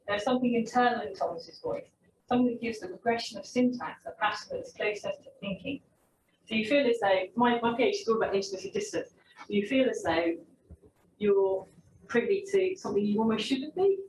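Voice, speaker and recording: A woman's voice: mid-range voice, noisy background. Woman reading literary criticism in a roomy space. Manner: reflective, with wry self-interrupting asides. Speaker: PhD researcher presenting her essay. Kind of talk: reading an essay with asides. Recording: roomy echo, mic at a distance, faint ambience.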